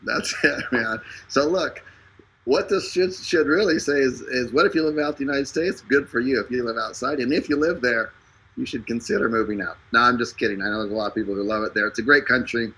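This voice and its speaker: A man hosting a live stream, making a casual, joking sales pitch full of fillers and restarts. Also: brisk, bright, forceful tone, breathy edge, low-quality recording. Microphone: streaming over an internet connection.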